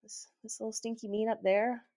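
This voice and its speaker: Young woman on a podcast, kinda high voice, rambly chatty, laughs a lot. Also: flat delivery, fairly quick, warm tone. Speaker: podcast co-host. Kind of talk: casual chat.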